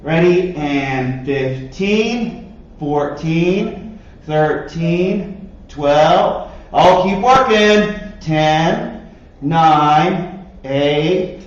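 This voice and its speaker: Drawing out his words in a voice on the high side, a man who teaches martial arts leads children in a home workout, working out alongside them. He encourages them and counts reps aloud, captured in dull, distant, echoey lo-fi room audio.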